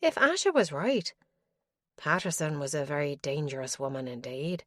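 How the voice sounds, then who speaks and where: A woman reading an audiobook thriller in measured, suspenseful scripted narration. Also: low-pitched, animated, no room sound, studio quality.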